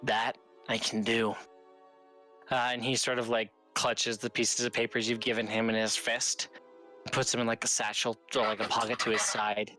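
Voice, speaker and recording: Male game master, bright and forceful tone, rambling tabletop narration. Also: medium pitch, little pitch movement, fairly quick, faint music behind. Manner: loose, rambling narration with many fillers.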